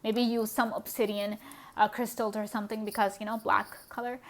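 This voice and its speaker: A woman's voice: mid-range voice, level tone, a little fast. A woman giving a pick-a-card tarot reading in a chatty, gushing way, with many fillers and small laughs. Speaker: tarot reader.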